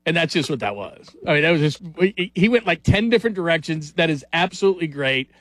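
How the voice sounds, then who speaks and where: Enthusiastic sports radio host, dry studio. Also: male voice, a little high, fast, dry recording. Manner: energetic, rambling, enthusiastic.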